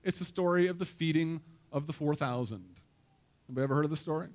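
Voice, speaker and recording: A pastor giving a conversational, joking sermon to a church congregation, telling stories and putting questions to the listeners. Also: male voice, fairly high pitch, fast.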